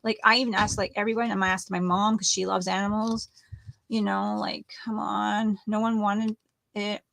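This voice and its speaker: A woman's voice: medium pitch, little pitch movement, normal speed, creaky, a bit bright, no echo. A middle-aged woman co-hosting a casual crafting chat, telling rambling stories as she works. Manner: chatty, rambling storyteller. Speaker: co-host.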